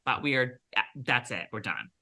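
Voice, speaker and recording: A woman's voice: a bass voice, very animated, moderate pace, pushed and bright. A woman co-hosting a casual TV recap, chatty, with many fillers and restarts. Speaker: podcast co-host.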